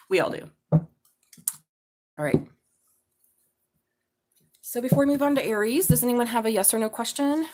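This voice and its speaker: A woman's voice: on the high side, animated, normal speed, pauses often. A middle-aged woman giving a live tarot reading in a casual, chatty way, swearing freely and laughing often. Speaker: tarot reader.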